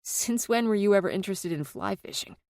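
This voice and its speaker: A woman's voice: medium pitch, a little fast, a little mellow, no room sound, studio quality, close to an everyday voice. A woman narrator reading the lines of an amused older brother who ribs his sister, mostly in her own voice. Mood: wry.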